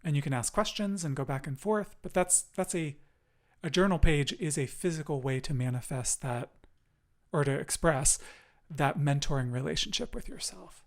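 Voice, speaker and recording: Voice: mid-range voice, normal speed. A podcast host speaking in an affirming, encouraging and emotive way during a casual chat.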